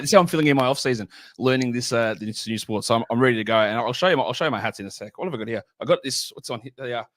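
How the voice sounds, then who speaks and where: A man's voice: mid-range voice, a bit bright, no echo. A middle-aged man chatting as a podcast guest, rambling and repeating words as he jokes around. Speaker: guest analyst. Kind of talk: casual podcast chat.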